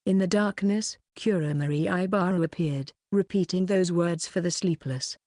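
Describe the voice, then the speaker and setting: Woman audiobook narrator, low-ish, dry close sound, steady first-person reading. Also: moderate pace, no echo.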